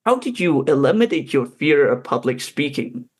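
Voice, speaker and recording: A man's voice: on the high side, big pitch swings, moderate pace. A man hosting a podcast, asking his guest questions in a plain, friendly way. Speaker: podcast host. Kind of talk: interview questions.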